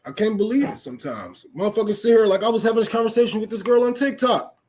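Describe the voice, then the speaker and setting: A man's voice: high-pitched, expressive, fast, darkish tone, a little hiss or hum. A young man in an unscripted political rant, profane and fired-up, preaching to his listeners. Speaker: political talk host.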